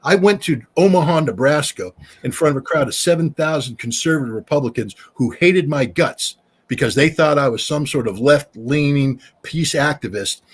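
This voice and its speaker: Husky, emphatic middle-aged man. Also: on the high side. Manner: emphatic, animated storyteller. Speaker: guest, former weapons inspector. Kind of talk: casual interview chat.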